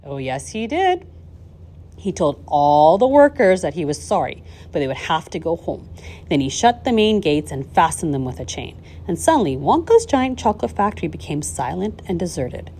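Woman reader, children's novel, animated, warm mellow tone. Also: low voice, moderate pace, husky. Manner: lively expressive storytelling with small slips. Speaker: audiobook reader. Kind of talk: reading a children's novel aloud.

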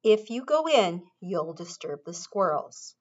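A woman's voice: lowish voice, sing-song, a little mellow. A woman doing an eccentric factory owner. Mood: explaining. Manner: brisk, showman-like explaining. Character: eccentric excitable male chocolate-factory owner. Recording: dull lo-fi recording.

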